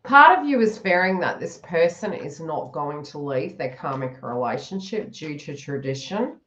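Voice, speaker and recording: Lively woman giving a chatty tarot reading. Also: sits low, normal speed, lo-fi sound. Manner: chatty, giggly, acts out the listener's inner thoughts. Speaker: tarot reader. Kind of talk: live-stream psychic reading.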